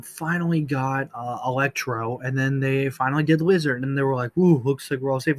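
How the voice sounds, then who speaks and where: A man giving a casual movie review, excitable and gushing, full of fillers and restarts. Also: mid-range voice.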